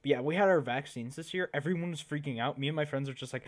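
A man's voice: on the high side, fast. A teenage boy doing casual reaction commentary, rambling and chatty, laughing at his own jokes. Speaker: YouTuber reacting to videos.

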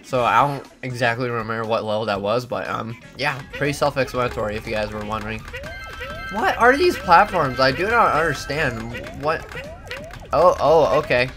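A man hosting a video game let's play, talking to the game with sudden loud outbursts. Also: medium pitch, animated, normal speed. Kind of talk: gameplay commentary. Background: game music.

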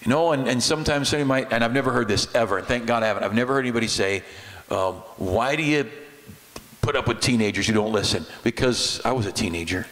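A middle-aged man, a pastor, preaching a sermon in a church, shifting between loud exclamations and quiet asides. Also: mid-range voice, quick pace. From United States. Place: church sanctuary. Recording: church hall reverb.

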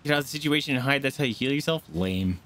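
A man streaming a game and commenting live, excitable, yelping and swearing as he plays. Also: mid-range voice, fast talker. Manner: excitable, yelps and swears mid-fight. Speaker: gaming streamer.

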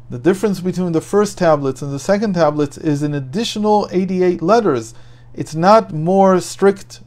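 Telling a story in his daily Torah lesson, this teacher has a fairly high-pitched voice with a little mellowness. He reasons aloud as he goes and restarts phrases along the way.

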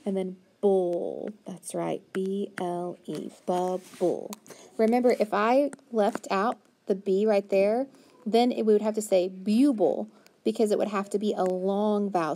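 A woman's voice: medium pitch, moderate pace, mellow. A woman teacher leading a phonics lesson for young children, sounding out letters one by one and giving frequent praise.

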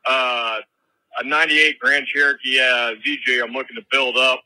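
A man's voice: medium pitch, little pitch movement, moderate pace, sharp tone, no room sound, poor audio. A man who drives trucks, leaving a rambling voicemail from his cab in a put-on accent and swearing casually. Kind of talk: voicemail message. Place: truck cab while driving.

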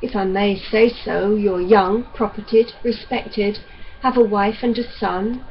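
A calm young doctor, voiced by a woman reader, talks in a measured, reasonable tone, coaxing rather than pushing. The mid-range voice comes through a dull recording with faint hiss behind it. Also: medium pitch, natural voice.

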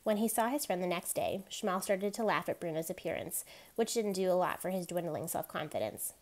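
A woman reading a novel aloud, gently giving each character a light voice of their own. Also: on the low side, lively intonation, fairly quick. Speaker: reader.

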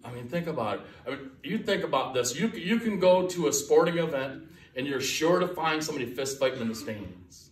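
This guest pastor's voice is fairly high, expressive, and brisk. Preaching in a church sanctuary captured from far away with lots of echo, he stays folksy and emphatic, saying his main lines again for weight.

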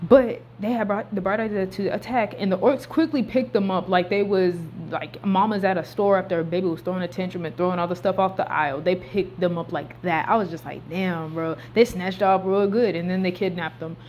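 A young woman recaps a film in a loose, chatty vlog voice. She bounces from quiet, muttered asides to sudden loud bursts. A faint hiss of background noise sits under the recording. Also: lowish voice, brisk, hardly any pauses. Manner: animated, slangy, swings between hushed and loud outbursts. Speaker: movie recap vlogger. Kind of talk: casual excited movie recap.

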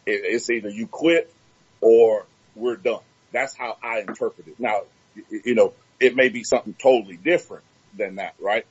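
A man's voice: on the low side, steady tone, normal speed, husky, muffled recording. A man from Miami hosting an interview, talking reflectively and searching for his words. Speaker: host. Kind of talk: casual interview talk.

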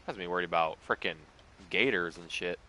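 A man's voice: low voice, a little fast, bright, forceful tone, a little hiss or hum. A man streaming a game live, chatting casually, swearing and talking to the animals on screen. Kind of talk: live gameplay commentary.

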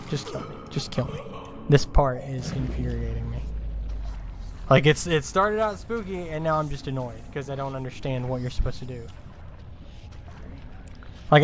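A man's voice: a little high, noisy background. Exasperated, swearing man gaming commentary. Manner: exasperated, swearing, rhetorical complaints. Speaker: gaming video host. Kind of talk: frustrated let's play commentary.

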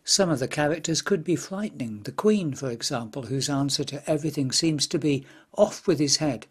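A man giving measured, explanatory scripted narration about a classic book. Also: on the high side, husky. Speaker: literary commentator.

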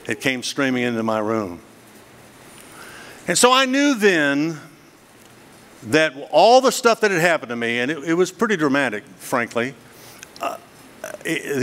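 Speaking as a guest preacher, a middle-aged man tells his own story with earnest drama, firing off one rhetorical question after another. His voice sits at medium pitch with a sharp edge, and the church hall around him adds a long, lingering reverb.

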